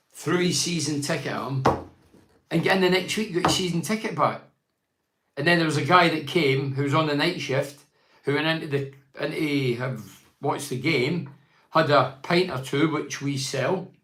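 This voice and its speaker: A man's voice: on the high side, a bit bright. Blunt man in an echoey room. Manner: blunt, ranting, quotes others in mock voices. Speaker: football pundit reading fan emails. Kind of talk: casual opinionated match review.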